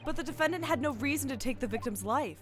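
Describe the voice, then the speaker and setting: A woman voicing an earnest young male defense attorney in a casual game script read-through, reading quickly and earnestly. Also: sits high, lively intonation. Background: background music.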